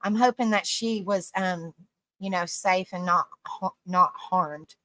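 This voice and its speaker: A woman hosts a relaxed livestream with a bright, forceful voice. She laughs a lot and rambles through her sentences. The sound is close and dry, with no room echo. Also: fairly low pitch, slow pace. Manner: laughs often, rambling with frequent restarts; affectionate, calls people honey and sweetie. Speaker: live stream host. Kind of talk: casual live-stream chat, reading comments aloud.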